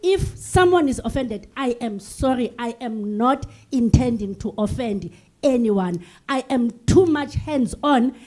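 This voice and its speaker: A woman's voice: a little high, animated, a little slow, dark tone. An older South African woman delegate giving an earnest, emotional speech from the floor of a forum, repeating her points. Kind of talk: impassioned floor address. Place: large conference hall.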